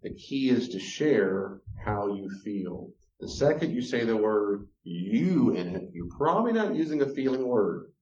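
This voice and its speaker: A man's voice: lowish voice, measured pace. A man teaching about relationships with lots of energy, dropping into acted voices as he goes. The sound is roomy and echoey and a little dull and lo-fi. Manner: animated, acts out quoted voices. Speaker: counselor giving a talk on relationships. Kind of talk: lecture-style teaching.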